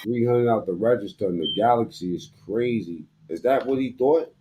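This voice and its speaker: A man's voice: on the low side, moderate pace, highs cut off, background noise. A man giving crude, mocking commentary while reacting to a video. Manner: mocking, crude, laughs at what he watches.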